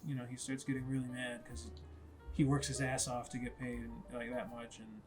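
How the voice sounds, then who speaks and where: A man's voice: mid-range voice, flat delivery, fairly quick, over music. A man casually retelling a story in a rambling, conversational way, correcting himself as he goes.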